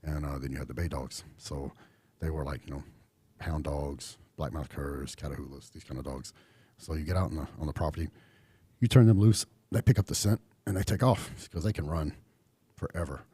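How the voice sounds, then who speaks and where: Very deep husky man, laid-back drawl. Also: fairly even intonation, brisk, dark tone, no echo. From Texas. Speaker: podcast guest. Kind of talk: casual interview chat.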